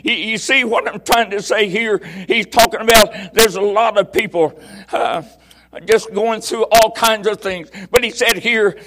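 An older man preaching a fiery revival sermon, repeating words and rising into shouted bursts. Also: high-pitched. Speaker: guest preacher.

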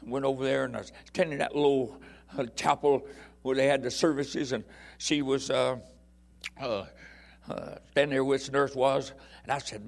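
Gravelly older preacher. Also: male voice, mid-range voice, fairly quick. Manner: folksy rambling storytelling with fiery shouted bursts. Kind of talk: sermon.

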